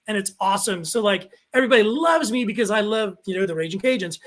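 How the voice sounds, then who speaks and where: A man's voice: sits high, fast talker. A young man from Texas, a local TV sports reporter, chatting casually as a podcast guest, rambling through stories with lots of fillers. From El Paso, Texas. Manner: rambling, animated storytelling with many fillers.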